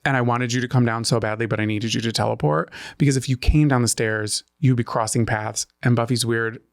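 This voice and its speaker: A man co-hosting a podcast, with a gravelly, mid-pitched voice. He tells stories in an animated way that climbs into high squeals when he gets worked up. The sound is dry and close, with no room echo. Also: brisk. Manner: animated storytelling, rising to squeals when excited. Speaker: podcast co-host. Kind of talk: casual podcast chat.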